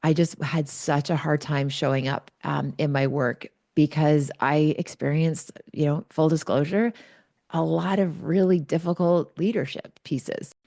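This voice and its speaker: Woman podcast host in her forties, low gravelly voice, candid and chatty storytelling, dry close sound. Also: fairly even intonation, measured pace, mellow, no echo. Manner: candid, chatty, many fillers. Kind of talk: personal storytelling.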